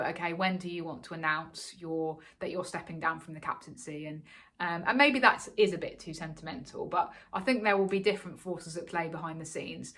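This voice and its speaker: A woman's voice: on the low side, a bit bright. A woman co-hosting a cricket podcast, talking casually with lots of fillers and restarts. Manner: chatty, many fillers and restarts. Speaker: podcast co-host.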